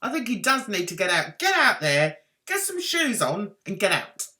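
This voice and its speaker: A woman's voice: medium pitch, big pitch swings, moderate pace, bright, forceful tone. A woman doing mocking commentary on a video, sarcastic and exasperated. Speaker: YouTube commentator.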